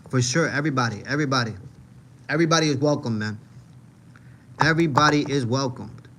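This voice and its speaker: A man with a New York accent chats loosely on his livestream, reading viewers' comments aloud. He talks in a mid-range voice and circles back to repeat his own lines. His delivery is relaxed and full of filler. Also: mid-range voice, quick pace, a little hiss or hum. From Manhattan, New York. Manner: rambling, repeats himself, frequent "you know what I mean". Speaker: livestream host reading chat. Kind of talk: casual livestream chat.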